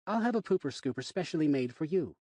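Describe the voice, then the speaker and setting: A man's voice: fairly high pitch, lively intonation, fast talker, warm tone, dry recording, voice pushed up. A man voicing a friendly woman who walks her dog, speaking lightly and kindly.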